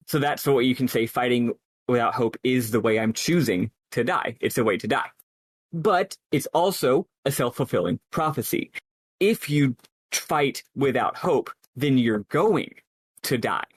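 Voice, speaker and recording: A man's voice: mid-range voice, animated, a little slow, breathy edge, no room sound, clean studio sound. A man co-hosting a podcast, talking earnestly and at length about a game, thinking aloud with many restarts. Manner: earnest, analytical, rambling with restarts. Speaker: podcast co-host. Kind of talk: casual game discussion.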